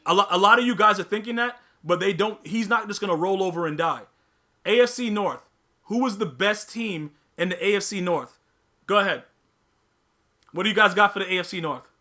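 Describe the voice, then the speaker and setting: A man's voice: high voice, fairly quick, pushed and bright. A man hosting a live podcast stream, chatting casually with his viewers, using slang, repeating himself and teasing the chat.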